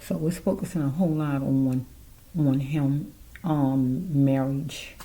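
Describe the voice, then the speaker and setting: A woman's voice: rumbling low, steady tone, takes it slowly, warm tone, rough recording. A woman giving a casual tarot card reading, rambling and musing aloud as she speaks straight to the listener.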